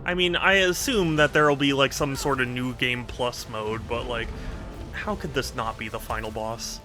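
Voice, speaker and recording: A man's voice: mid-range voice, fairly even intonation, moderate pace, music in the background. A man streaming a video game, chatting casually with his viewers, laughing often and restarting sentences as he goes. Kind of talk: casual live-stream chat while gaming.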